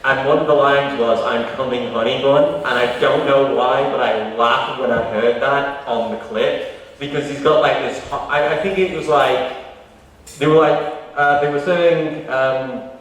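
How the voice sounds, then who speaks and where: A man's voice: mid-range voice, steady tone, unhurried, fairly bright tone, far from the mic. A man at a convention panel, chatting casually in a rambling way and laughing at his own stories. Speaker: panel guest. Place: large convention hall. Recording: echoey hall heard from afar.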